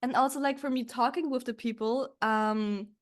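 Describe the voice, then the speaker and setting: A woman's voice: fairly high pitch, steady tone, normal speed. A woman hosting a dance podcast, chatting casually and rambling with lots of filler words. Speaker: podcast host. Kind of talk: casual chat.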